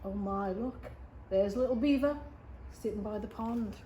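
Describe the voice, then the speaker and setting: Expressive middle-aged woman reading aloud. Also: medium pitch, unhurried, a little hiss or hum. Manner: expressive, gasps, asides to young listeners. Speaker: reader for schoolchildren. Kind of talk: picture-book read-aloud.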